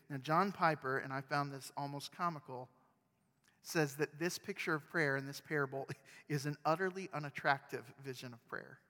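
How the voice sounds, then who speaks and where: Bright-voiced preacher in an echoey hall. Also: male voice, fairly high pitch, normal speed. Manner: conversational storytelling, animated. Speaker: pastor. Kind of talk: sermon.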